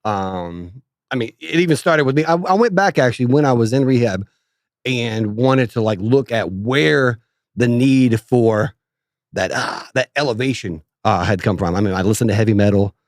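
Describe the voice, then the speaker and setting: A man's voice: medium pitch, moderate pace, no echo, clean studio sound. A middle-aged man from Kentucky, co-hosting a casual podcast chat, telling stories in a laid-back way with many fillers. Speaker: podcast co-host.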